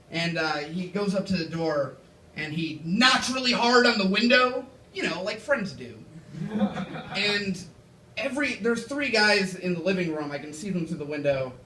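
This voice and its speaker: Young stand-up comic, high sharp voice, echoey club from a distance; rambling storyteller. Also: male voice, slight background noise. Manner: rambling, self-deprecating storytelling with fillers. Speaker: stand-up comedian. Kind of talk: stand-up comedy set. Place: comedy club stage. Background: audience laughter.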